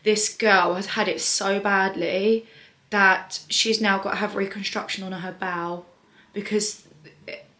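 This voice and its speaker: A woman's voice: mid-range voice, steady tone, a little slow, sharp tone. A young woman telling a personal story to camera in a rambling, chatty way, full of fillers and restarts. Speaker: vlogger. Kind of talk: casual storytime monologue.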